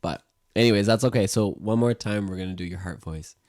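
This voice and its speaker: A man's voice: fairly low pitch, fairly quick, darkish tone, no room sound, clean studio sound. A man working as a music teacher and sound therapist, guiding listeners through voice exercises in an easygoing, rambling way full of fillers.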